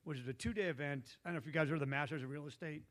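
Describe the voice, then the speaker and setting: At a meetup room, a guest investor tells a long, digressive story casually, laughing often and losing his thread. His voice is fairly high, a bit bright and rapid-fire.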